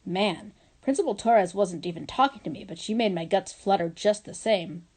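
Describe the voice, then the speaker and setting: A woman reading a children's novel aloud, with lively, expressive storytelling. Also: medium pitch, moderate pace. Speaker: reader.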